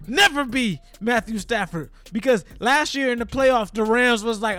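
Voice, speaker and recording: Loud, animated man with a high voice. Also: moderate pace, hardly any pauses, dry recording. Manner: loud, profane, animated, puts on voices for skits. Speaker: podcast co-host. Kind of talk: casual sports chat.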